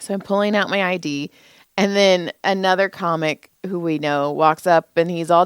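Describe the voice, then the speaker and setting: A woman co-hosting a podcast casually tells a comic story, animatedly performing everyone's lines, laughing and swearing frequently. Her voice is on the low side, fairly quick, clear, and resonant, in a clean studio recording without echo.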